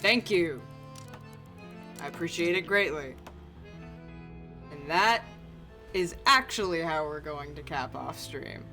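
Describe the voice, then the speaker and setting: A woman streamer talks casually through her game, joking, cursing and muttering to herself. Her voice sits on the low side. Quiet background music plays beneath her chatter. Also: lively intonation, slow, long pauses. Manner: chatty, joking, swearing freely, talking to herself. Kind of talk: casual gameplay commentary.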